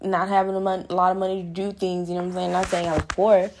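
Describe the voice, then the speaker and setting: Gravelly-voiced young woman podcaster, frank and profane. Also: on the low side, flat delivery, fast talker, darkish tone. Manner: frank, profane, talks straight to listeners as girl and honey. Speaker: podcast host. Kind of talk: casual motivational monologue.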